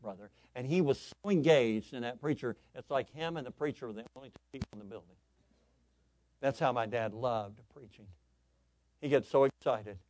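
A male pastor preaching a sermon, telling personal stories in an animated, excitable way with lots of repetition. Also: mid-range voice, no echo.

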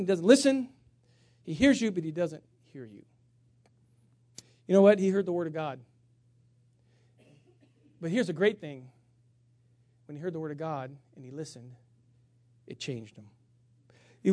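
A middle-aged male pastor preaching a sermon, swinging from hushed tones to shouting and acting out funny stories. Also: sits high. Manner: acts out funny stories with voices.

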